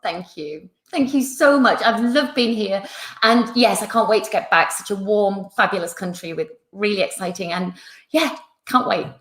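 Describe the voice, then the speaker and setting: A woman's voice: mid-range voice, normal speed, fairly bright tone. A woman with a northern English accent, a guest author chatting casually and self-deprecatingly over a video call. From England. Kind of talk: casual interview chat. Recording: roomy echo.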